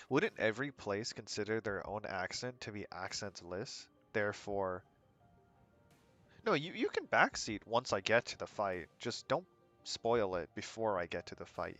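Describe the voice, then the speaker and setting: A man's voice: on the low side, fairly bright tone. An American man streaming a game, chatting in a rambling, laid-back way and answering his chat with frequent chuckles. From United States. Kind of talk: casual chat while gaming.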